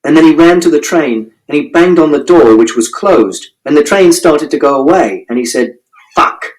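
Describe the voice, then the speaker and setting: A man's voice: on the high side, expressive, moderate pace, darkish tone, low-quality recording. A man narrating an audiobook in the first person, telling events in a literal, matter-of-fact way.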